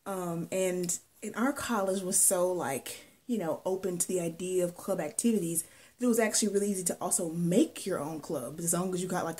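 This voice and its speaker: Chatty, husky-voiced woman vlogger. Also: on the low side, mellow. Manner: chatty, many fillers and restarts. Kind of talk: casual storytelling vlog.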